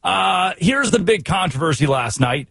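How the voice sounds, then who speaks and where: An American man hosting a sports radio show, talking fast and emphatic with strings of rhetorical questions. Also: sits high, animated, gravelly, a bit bright, no echo. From United States.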